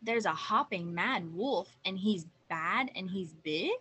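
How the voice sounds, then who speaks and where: A woman voicing a nervous, whimpering weasel in a picture book, squeaky and anxious. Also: expressive, slow pace, a bit bright, slightly rough, heavily acted.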